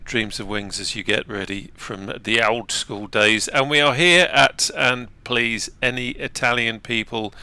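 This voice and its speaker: A man's voice: medium pitch, measured pace, few pauses, pushed and bright, smooth, no room sound. A man hosting a flight simulator video, narrating casually and chatting while he works the controls, with self-deprecating asides. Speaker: flight sim video host.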